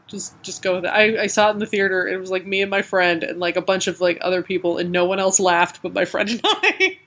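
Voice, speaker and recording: A woman's voice: medium pitch, lively intonation, fairly quick, fairly bright tone. A woman from Colorado co-hosting a comics podcast, chatting casually in a wry, teasing way and swearing freely. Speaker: podcast co-host. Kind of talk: casual chat.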